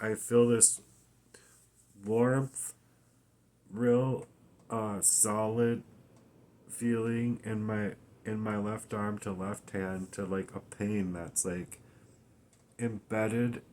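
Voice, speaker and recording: A weary, distressed man talking through his troubles in a raw, halting personal monologue, often restarting and swearing. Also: on the low side, fairly even intonation, a little mellow, slight background noise. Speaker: vlogger.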